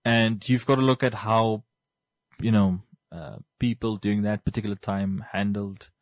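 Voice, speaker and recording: Man, podcast host, low voice, dry sound, casual book talk, rambling. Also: fairly even intonation, normal speed, dry recording. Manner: rambling, often restarts and repeats words. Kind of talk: casual talk about books.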